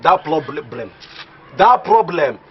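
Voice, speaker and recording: An actor playing a teasing, cautious village friend who speaks Nigerian Pidgin English. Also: male voice, a little high, big pitch swings, slow. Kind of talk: comedy film acting. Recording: muffled film audio.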